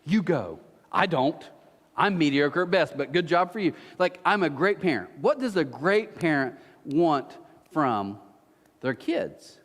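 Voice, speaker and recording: A man, a pastor, delivering a sermon with animated storytelling and self-mocking humor. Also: on the high side, a little slow, big-room sound. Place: church auditorium.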